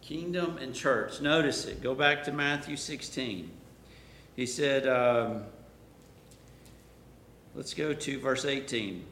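A man's voice: medium pitch, slow pace, pauses often, fairly bright tone, slight background noise. A man preaching a Bible-teaching sermon, explaining words and asking his listeners questions, building to emphatic points. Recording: roomy echo.

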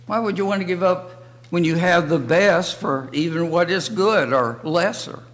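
Older guy teaching bible class, slow and halting, a bit high voice, big hall echo. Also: fairly bright tone. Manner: slow, halting delivery in short phrases. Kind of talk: church Bible lesson. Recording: long reverb of a hall.

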